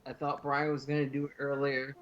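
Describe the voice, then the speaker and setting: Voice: medium pitch, completely flat delivery, a little fast. A player in a casual tabletop game chat, sarcastic and joking, on a dull lo-fi mic with faint hiss.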